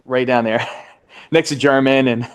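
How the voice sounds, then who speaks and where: With a medium-pitched, fairly even voice, a man from the United States runs a live real estate licensing class, stretching out the important terms and quizzing students.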